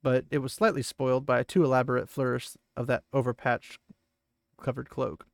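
A man's voice: medium pitch, little pitch movement, brisk, vocal fry, dry recording, studio quality. Chatty man retelling a book. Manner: paraphrasing, chatty asides. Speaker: podcast host. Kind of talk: casual chapter retelling.

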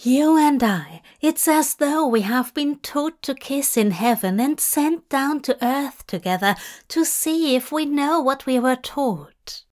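A woman's voice: high-pitched, animated, slow, few pauses, a little mellow, pitched above the performer's own voice. A woman voicing an earnest, fussy, bookish male angel who declaims love poetry in a fanfiction audiobook reading. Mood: ardent.

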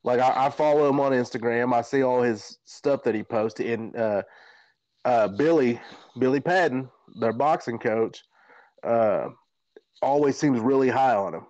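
Ask: a dry, muffled, animated storyteller man. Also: medium pitch, a little slow, no room sound. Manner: animated, profane, rambling anecdotes. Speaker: podcast host and fighter. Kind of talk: casual storytelling chat.

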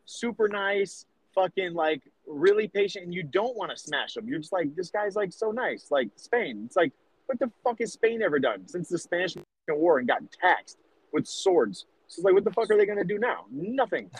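An American man in his thirties co-hosts a podcast, rambling, cursing and arguing his point emphatically in a casual debate. His voice sits high and expressive with a breathy edge, at a moderate pace. The recording is low quality but has no room sound.

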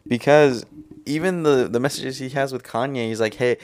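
A man's voice: medium pitch, normal speed, a little mellow, no room sound. A man co-hosting a podcast, telling a story in loose slang with laughs. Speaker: podcast co-host. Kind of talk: casual chat.

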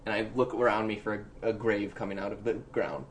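A woman's voice: very deep voice, steady tone, a little fast, slight background noise. A woman co-hosting a podcast in casual chat, playful and teasing, arguing with mock outrage. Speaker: podcast co-host.

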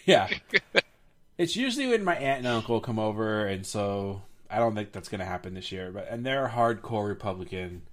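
Animated young man telling stories. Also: lowish voice, moderate pace. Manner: laughs often, lively storytelling. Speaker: podcast host. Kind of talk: casual podcast chat.

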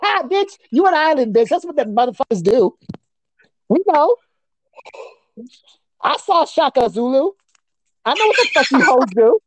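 A woman's voice: high-pitched, sing-song, moderate pace, pauses often, no room sound, rough recording. A woman guest on a comedy podcast, delivering a crude, profane roast in a mocking voice and breaking into nonsense singsong chants.

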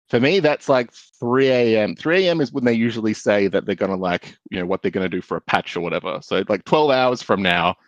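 A man's voice: on the low side, no echo. Aussie guy guesting on a podcast, chatty and rambly, dull lo-fi sound. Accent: Australian. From Australia. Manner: chatty, rambling, slips into impressions. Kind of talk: casual podcast chat. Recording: slightly dull, lo-fi mic.

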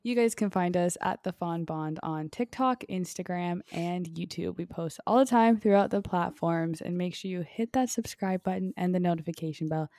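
A young woman co-hosting a podcast, with a fairly low voice. She chats loosely and leans on filler words. The recording is close and dry. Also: moderate pace, few pauses, dark tone, no room sound. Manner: chatty, heavy on filler "like". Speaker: podcast co-host. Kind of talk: casual chat.

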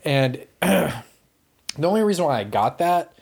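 Animated rambling man chatting casually. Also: on the high side, unhurried, gravelly. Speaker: podcast co-host. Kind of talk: casual chat about movies.

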